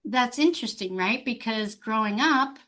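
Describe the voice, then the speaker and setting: A woman guest on a podcast interview, a life coach who talks in an open, expressive and bubbly way. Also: fairly high pitch, normal speed.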